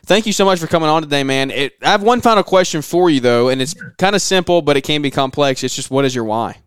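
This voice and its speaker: A Southern man hosts a podcast in relaxed, halting chat full of fillers. His voice is smooth and clear and his pace quick. The sound is dry and close. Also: on the high side, no room sound. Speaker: podcast host. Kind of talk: casual interview chat.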